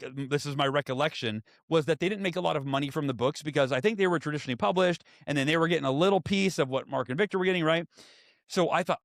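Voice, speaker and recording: A man in his forties telling stories as a podcast guest and author, lively and acting out what others said. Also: a little high, no room sound, clean studio sound. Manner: animated, acts out quoted voices. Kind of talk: storytelling in conversation.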